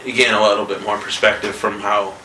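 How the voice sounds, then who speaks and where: A man's voice: lowish voice, flat delivery, brisk, bright, forceful tone, far from the mic, a little hiss or hum. Laid-back swearing man, roomy off-mic sound. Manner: laughs often, swears freely, loose rambling talk. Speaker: podcast co-host. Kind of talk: casual chat. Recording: roomy echo, a bit off-mic.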